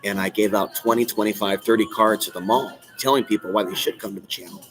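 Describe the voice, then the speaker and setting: Man, lowish voice, agitated rambling live rant, coffee shop, clear music behind. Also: fairly even intonation, fast talker, low-quality recording. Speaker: channel host.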